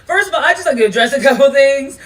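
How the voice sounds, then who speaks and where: A woman telling a story in an animated, blunt and profane way. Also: high-pitched, quick pace, distant mic. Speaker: storytime commentator.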